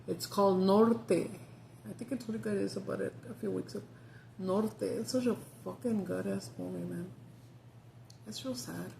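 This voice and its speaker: Chatty woman vlogger, gravelly mid voice, casual and profane. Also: medium pitch, fairly even intonation, normal speed, warm tone, a little hiss or hum. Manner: chatty, swears freely, laughs often. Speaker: mukbang vlogger. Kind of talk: casual chat.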